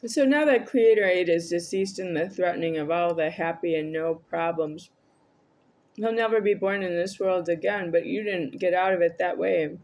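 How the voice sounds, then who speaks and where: A woman's voice: lowish voice, moderate pace, a little mellow. A woman vlogging a rambling, argumentative monologue to camera, addressing an unseen listener.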